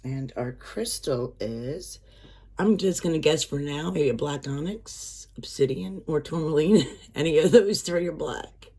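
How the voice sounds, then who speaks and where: Excitable low-voiced woman unboxing. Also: measured pace, breathy edge. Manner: excitable, gasping and whispering with delight. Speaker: unboxing vlogger. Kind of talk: casual unboxing chat.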